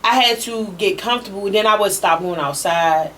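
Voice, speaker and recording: A woman at an average pitch for her sex, talking openly as a podcast guest. She speaks in loose, slangy street talk, swears without hesitation, and sounds emotional and unguarded. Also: a little fast, a bit bright, a little hiss or hum. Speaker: guest rapper. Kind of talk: candid casual conversation.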